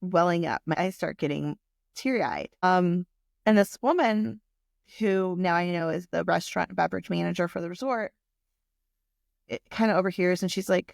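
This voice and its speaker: A woman in her forties tells a personal story, candid and emotional, with plenty of swearing. Her voice has a gravelly fry at the ends of phrases. The sound is dry and close, with no room around it. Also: fairly low pitch, normal speed, no echo. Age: 40s. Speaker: vlogger.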